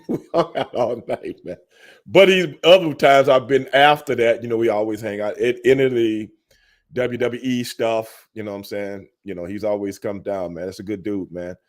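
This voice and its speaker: A man's voice: on the low side, normal speed. A man from Texas hosting a casual interview show, talking in a laid-back way and dropping "man" into his sentences. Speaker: podcast host.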